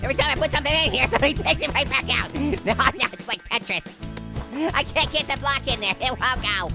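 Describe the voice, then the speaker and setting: A man voicing an excitable, earless cartoon character who hosts silly gameplay commentary and giggles constantly. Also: very high-pitched, fast, gravelly, music in the background. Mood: giddy. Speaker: gaming host.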